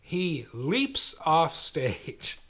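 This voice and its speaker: A man's voice: fairly high pitch, sing-song, drawn-out words, a bit bright. A young man, a podcast co-host, telling a story in casual chat with a dry, wry manner.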